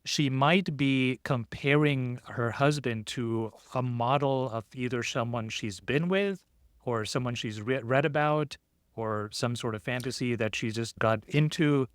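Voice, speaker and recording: A man's voice: medium pitch, unhurried, clear, resonant tone, no echo, studio quality. A man co-hosting a casual podcast. He reads out a listener's question and then speculates about it thoughtfully, hedging as he goes. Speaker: podcast co-host.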